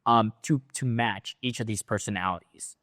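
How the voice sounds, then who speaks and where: A man interviewing a sales coach, calmly paraphrasing the answers and asking follow-up questions. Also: lowish voice, normal speed, no echo, clean studio sound. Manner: reflective, paraphrases and asks follow-ups.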